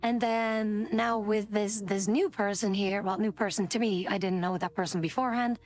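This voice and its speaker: A woman's voice: medium pitch, steady tone, moderate pace, darkish tone, faint music behind. A woman streamer chatting casually, indignant and rambling, swearing often. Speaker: VTuber streamer.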